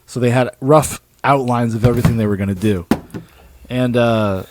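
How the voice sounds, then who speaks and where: A man co-hosting a podcast, chatting casually about films in an animated way, swearing freely and laughing often. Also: mid-range voice, moderate pace, noisy background. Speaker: podcast co-host. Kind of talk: casual film discussion.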